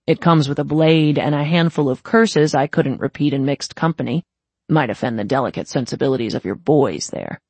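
A hard, tired young gang leader, as a narrator plays him, talking in a low cold growl. The voice is gravelly and husky, read close with no room sound. It stays near the narrator's own tone. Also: moderate pace, darkish tone, no room sound. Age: 20s.

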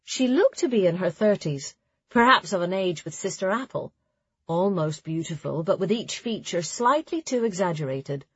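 A woman narrating a story in a measured, even way, with a breathy voice. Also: lowish voice, no echo, highs cut off. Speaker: audiobook narrator. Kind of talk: scripted narration.

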